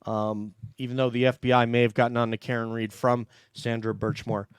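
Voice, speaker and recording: A man's voice: medium pitch, flat delivery, brisk, clean tone, no echo, clean studio sound. A man hosting a casual livestream panel, reading out viewer donations in a chatty, joking way. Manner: chatty, jokey, thanks viewers warmly. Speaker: host reading super chats.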